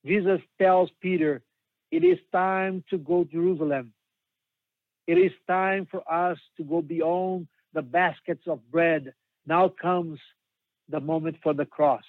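Man, sermon, slow emphatic delivery, higher pitch, phone-like sound. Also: dry recording. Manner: slow, emphatic preaching with long pauses. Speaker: preacher. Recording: dry, tinny phone-like sound.

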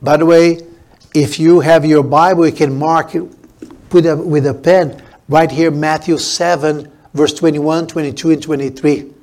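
A man delivers a sermon from the pulpit, his voice pitched a little higher than most men's. He preaches emphatically, repeating words and building each point up. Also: flat delivery, a little slow, darkish tone. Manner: emphatic preaching with repetition and rhetorical build-ups. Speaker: pastor.

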